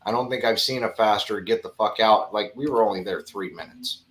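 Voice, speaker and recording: A man's voice: lowish voice, fairly quick, a bit bright, a little hiss or hum. Rambling man hosting in a roomy space. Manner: rambling, full of "like" fillers and chuckles. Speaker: livestream host. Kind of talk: casual livestream chat. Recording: roomy echo.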